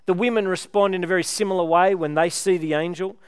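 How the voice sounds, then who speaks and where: A man's voice: high voice, steady tone, fast, clean tone, no echo, clean studio sound. A man preaching a sermon, retelling a story with rhetorical questions in a conversational way.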